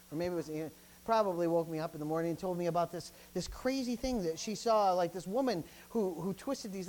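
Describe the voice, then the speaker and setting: With a little hiss or hum and generally poor audio, this clip captures a man preaching a sermon as pastor. He is insistent and repetitive, often interjecting between points, his spirited voice rising into loud bursts and dropping into low asides.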